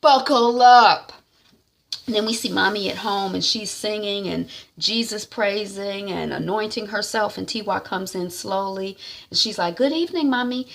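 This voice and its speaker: A woman's voice: mid-range voice, fairly even intonation, moderate pace, creaky, fairly bright tone. A woman chattily recapping an episode of a series, acting out the characters as she goes. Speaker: series reviewer. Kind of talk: casual recap of a show.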